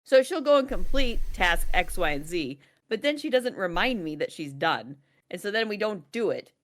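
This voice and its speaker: A woman in her thirties co-hosts a casual chat podcast. Her pitch swings widely as she tells stories, laughing often and swearing now and then. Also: big pitch swings, normal speed, a bit bright. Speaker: podcast co-host.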